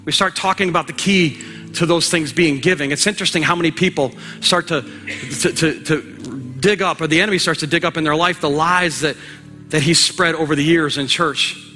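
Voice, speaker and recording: A male pastor preaching a sermon with emphatic exhortation, sometimes rising to a shout, in a church. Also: a little high, fairly quick, faint music behind. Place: church sanctuary.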